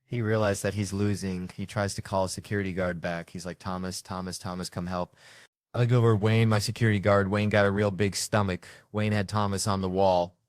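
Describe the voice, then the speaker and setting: A man telling stories in a stand-up set, animated and breaking into loud shouted impressions. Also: fairly low pitch, fairly quick, few pauses, no echo, clean studio sound. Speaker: comedian. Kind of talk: stand-up storytelling. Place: stage before a live audience.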